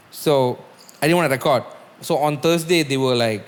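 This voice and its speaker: A man, a guest musician, tells stories on a casual podcast in an animated way, swearing and using a lot of "like". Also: fairly high pitch, fast, long reverb tail.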